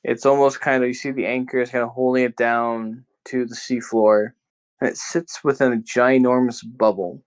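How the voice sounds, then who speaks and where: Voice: mid-range voice, flat delivery, moderate pace, poor audio. A game master narrating a tabletop game in a casual way, with loose phrasing and lots of fillers.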